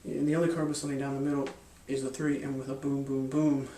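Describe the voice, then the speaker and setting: A man's voice: mid-range voice, little pitch movement, fast talker, dark tone, reverberant, far from the mic, slight background noise. A man explaining a mind-reading card technique in a loose, rambling way, with lots of fillers and restarts. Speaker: magic and hypnosis instructor. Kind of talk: casual instructional explanation.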